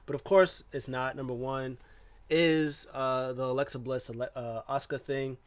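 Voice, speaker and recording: A man reviewing a wrestling show rambles through a casual recap, his talk heavy with fillers and restarts. His medium-pitched voice keeps a steady tone at normal speed.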